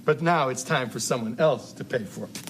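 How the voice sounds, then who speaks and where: A man's voice: mid-range voice, a little fast, voice pushed down, lightly acted. A man on a podcast acting out a sitcom father's lines with mock-dramatic flair. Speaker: podcast co-host reenacting scenes. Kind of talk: comedic scene reenactment. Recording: loud background noise.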